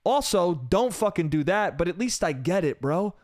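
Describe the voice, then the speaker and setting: Animated young man ranting on a podcast. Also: sits high, normal speed, no room sound, clean studio sound. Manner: profane, animated, frequent "bro" and "dude". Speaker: solo podcast host. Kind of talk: casual storytelling monologue.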